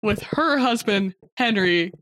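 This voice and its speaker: Brief: blunt female podcast co-host, casual and halting. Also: mid-range voice, expressive, fairly bright tone, dry recording. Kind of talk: casual chat about a podcast.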